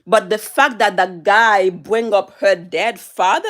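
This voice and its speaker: A woman's voice: a little high, expressive, measured pace, few pauses, a bit bright. A woman on a live stream, upset and teary, pleading with and scolding her viewers while reading the chat.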